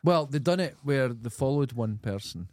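A Scottish man in a mid-pitched speaking voice, telling anecdotes on a podcast in a loose way. He trails off and restarts as he goes. The recording is dry, with no echo. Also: animated, normal speed, darkish tone. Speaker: podcast co-host. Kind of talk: casual chat.

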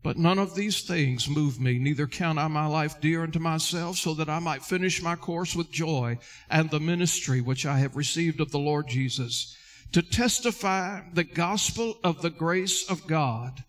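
A man's voice: fairly high pitch, moderate pace. A male pastor preaching a sermon earnestly, addressing listeners directly and repeating key words for emphasis.

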